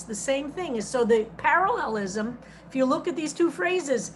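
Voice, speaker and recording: Over a video call, a woman rabbi with a high, light, somewhat bright voice leads a text study. She reads each translated phrase slowly and with emphasis, then explains it in an easy teaching tone with lively intonation. A faint hiss lies beneath the call audio.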